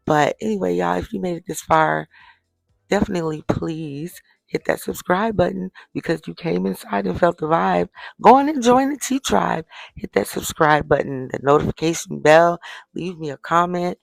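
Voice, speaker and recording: A woman's voice: on the low side, fairly even intonation, moderate pace, vocal fry, dry recording, soft background music, low-quality recording. A middle-aged woman chatting casually to her viewers, telling a story from her day in a chatty way. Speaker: vlogger. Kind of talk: casual chat. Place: at home, winding down for bed.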